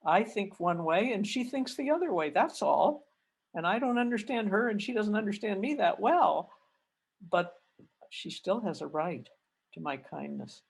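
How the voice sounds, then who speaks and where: An older Canadian woman, a religious sister, giving a gentle reflective retreat talk over a video call and telling personal stories with rising feeling. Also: mid-range voice, normal speed, gravelly, husky. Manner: gentle, reflective, grows animated retelling stories. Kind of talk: spiritual reflection with personal storytelling.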